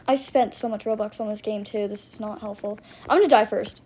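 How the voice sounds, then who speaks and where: A woman's voice: fairly high pitch, animated, a little fast, few pauses, warm tone, a little hiss or hum, rough recording. A woman giving dramatic, exclamatory gameplay commentary as she plays. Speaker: gamer.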